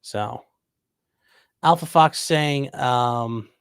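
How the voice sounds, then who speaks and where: Speaking very slowly in a mid-range voice with vocal fry and a clean tone, a man from Ohio reads his livestream chat aloud. He casually responds to viewers with dry jokes, and there's no echo.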